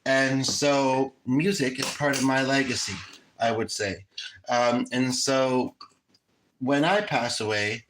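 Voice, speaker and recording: A man's voice: medium pitch, fairly even intonation, slow, fairly bright tone, low-quality recording. Man, casual livestream chat, rambling with lots of fillers, faint hiss behind. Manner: rambling, conversational, frequent fillers. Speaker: livestream host.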